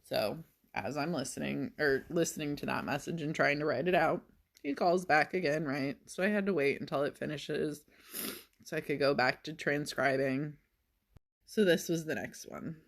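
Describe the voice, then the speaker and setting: Lady vlogging, sarcastic and fed up, lots of vocal fry. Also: sits low, normal speed. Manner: sarcastic, exasperated storytelling. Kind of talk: casual vlog monologue.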